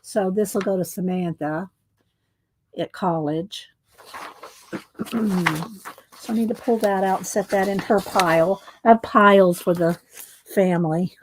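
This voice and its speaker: A woman's voice: medium pitch, a little mellow, a little hiss or hum. A middle-aged woman chatting casually while showing her craft supplies, rambling with asides and fillers. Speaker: craft vlogger. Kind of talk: casual craft show-and-tell.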